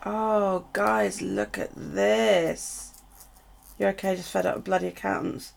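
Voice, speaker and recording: A woman's voice: mid-range voice, little pitch movement, slow, creaky. A middle-aged woman with a British accent, chatting casually to viewers while unboxing craft supplies and gushing over them. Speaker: craft live streamer.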